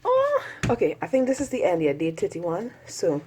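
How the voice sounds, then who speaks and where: A woman's voice: on the low side, huge pitch swings, moderate pace, a little mellow. A woman chatting casually through a sketchbook tour, rambling and self-mocking, often laughing at her own drawings. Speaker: artist vlogger.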